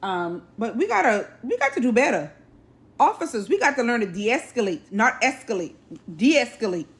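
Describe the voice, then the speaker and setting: A woman from South Carolina tells her followers a story in casual commentary, talking straight into her phone. Her voice sits a little high, and she hammers home her points by saying them twice. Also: big pitch swings, moderate pace. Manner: emphatic, repeats key phrases; addresses viewers directly. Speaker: social media commentator.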